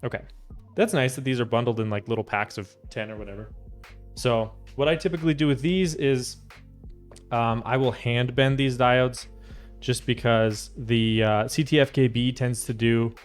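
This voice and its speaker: A man's voice: medium pitch, clear, resonant tone. A young American man chatting casually with his stream chat while he builds a keyboard. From United States. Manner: relaxed, chatty, reads and answers chat.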